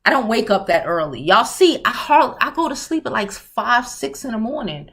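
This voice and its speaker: Sassy, bright-voiced woman livestream host. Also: on the high side, big pitch swings, normal speed. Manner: blunt, profane and sassy, with frequent laughter. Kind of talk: casual livestream chat, reading viewer comments.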